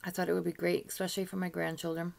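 A woman's voice: on the low side, flat delivery, rapid-fire, gravelly, darkish tone. Chatty older woman vlogging. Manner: chatty and rambling, with frequent "you know" asides and light laughs. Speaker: beauty vlogger. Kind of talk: casual chat to camera.

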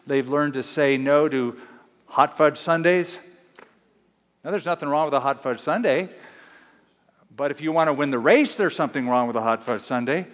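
A man's voice: on the high side, a bit bright, in a large hall. A man preaching a sermon as pastor, emphatic and full of rhetorical questions. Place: church.

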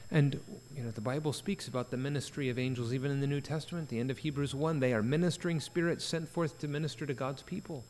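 A man's voice: medium pitch, fast, hardly any pauses, darkish tone, slight background noise. Preaching man in a reverberant church. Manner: earnest preaching with emphatic rises. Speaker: pastor. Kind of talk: sermon at a prayer meeting. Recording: church sanctuary with long reverb.

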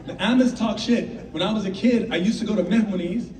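A man doing a stand-up comedy set, animated and slipping into character voices. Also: high voice, a little fast. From United States. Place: live comedy venue with audience. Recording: roomy live sound from a distant mic, audience noise.

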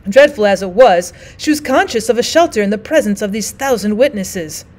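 A woman teacher narrating a classic novel aloud with a steady, expressive reading. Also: mid-range voice, a little fast. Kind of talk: audiobook narration.

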